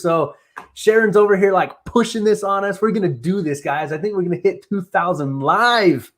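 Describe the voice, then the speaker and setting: A man hosting a casual live stream, talking in an excitable, rambling way full of "like". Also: high voice. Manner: excitable, rambling, heavy use of "like". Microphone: streaming setup on camera.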